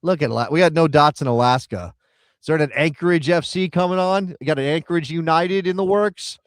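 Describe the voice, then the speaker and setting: A man's voice: on the high side, fairly quick, no echo, clean studio sound. Rambling, chatty male live-stream host. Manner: rambling, chatty, thinks aloud while reading chat names. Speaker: soccer show co-host. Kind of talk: casual live-stream chat.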